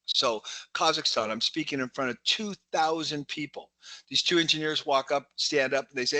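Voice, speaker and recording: A middle-aged man giving a webinar talk, telling energetic stories full of quoted dialogue. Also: a little high, moderate pace, no room sound. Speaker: keynote speaker. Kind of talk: webinar presentation.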